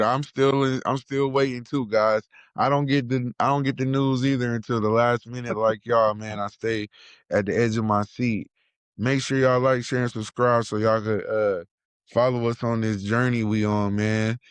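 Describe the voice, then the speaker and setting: A man on a casual wrestling podcast, hyped and playful, throwing out slang and shout-outs. His voice sits at mid pitch and sounds smooth and clear. The recording is dry and close. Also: steady tone, normal speed, no room sound. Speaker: podcast co-host.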